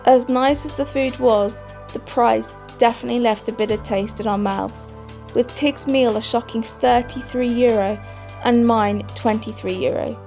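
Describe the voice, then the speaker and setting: A woman from the UK narrating a travel vlog voice-over in a brisk, matter-of-fact way. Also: fairly high pitch, fairly even intonation, dark tone, faint music behind. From United Kingdom.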